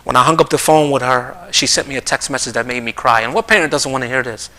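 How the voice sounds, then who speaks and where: A man's voice: mid-range voice, fast talker, pushed and bright, low-quality recording. A middle-aged man giving an earnest talk on a live stream, telling stories and often restarting and repeating his phrases. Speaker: speaker on a community live stream. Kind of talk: conversational talk with storytelling. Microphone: streaming mic.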